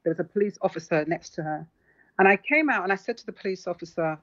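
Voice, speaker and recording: A woman's voice: lowish voice, lively intonation, fast talker. A woman author, recounting a personal story to an interviewer in an earnest, reflective way. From London. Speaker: author guest. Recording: muffled lo-fi audio.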